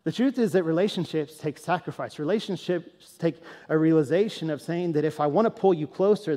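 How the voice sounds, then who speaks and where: High-voiced male pastor in a reverberant hall. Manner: conversational, animated storytelling that turns to earnest, quieter teaching. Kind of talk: storytelling sermon.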